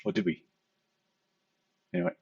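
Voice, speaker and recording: A man's voice: normal speed, a little mellow, dry recording. A man walking through trading charts in a conversational lesson, often checking in with "okay". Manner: explanatory, conversational, repeats "okay". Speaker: trading educator. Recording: dull lo-fi, distant from mic.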